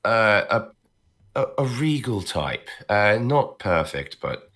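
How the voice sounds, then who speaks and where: Voice actor man, deep voice, slow casual chatter full of fillers. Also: very animated, a bit bright. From northern United States. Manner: laughs often, many fillers and restarts. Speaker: voice actor guest. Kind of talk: casual podcast chat.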